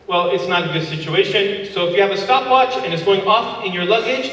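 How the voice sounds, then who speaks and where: A man's voice: high-pitched, a little fast, few pauses, sharp tone. A man in his thirties doing a stand-up comedy set, working the crowd and acting out voices and sound effects. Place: large hall before a live audience. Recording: echoey hall recorded from far off.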